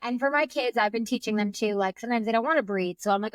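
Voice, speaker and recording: Chatty higher-pitched woman, smooth and dry. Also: fast talker, hardly any pauses, no echo. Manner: chatty, many fillers like "you know" and "like". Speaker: breathwork coach, podcast guest. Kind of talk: casual conversational interview.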